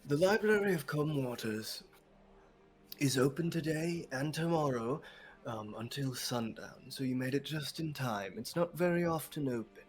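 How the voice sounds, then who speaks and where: A man's voice: mid-range voice, animated, normal speed, natural voice. A man voicing a courteous, businesslike male gondola attendant in a tabletop game. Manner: courteous, service-like.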